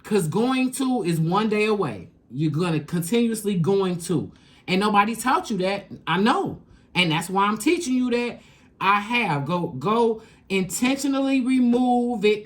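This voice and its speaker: A woman's voice: animated, moderate pace. Emphatic slangy woman tarot reader. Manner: emphatic, slangy and profane, coaching the listener directly; swings between loud high bursts and low quiet asides. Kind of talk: casual spoken tarot reading.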